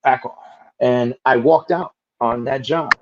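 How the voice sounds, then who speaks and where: A man being interviewed as a guest, telling stories casually in a lively way, with easy swearing and lots of "like" fillers. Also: medium pitch, a little slow, dull audio, noisy background.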